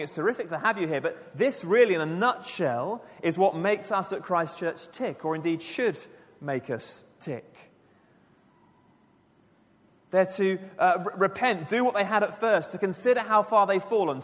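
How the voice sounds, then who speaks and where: Earnest male preacher in a reverberant church. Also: high voice. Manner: earnest, emphatic, drops to quiet for key lines. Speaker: pastor. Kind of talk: sermon.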